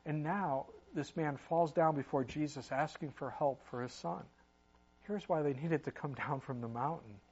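A man's voice: fairly high pitch, moderate pace, a little mellow, husky, dull audio. A middle-aged man preaching a sermon in a conversational way, with asides and sudden emphatic rises. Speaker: pastor.

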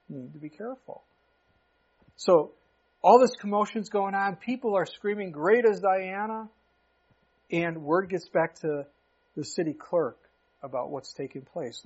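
Husky high-voiced preacher. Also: male voice, darkish tone, muffled recording. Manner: conversational, emphatic, asks rhetorical questions. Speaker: pastor. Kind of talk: expository sermon.

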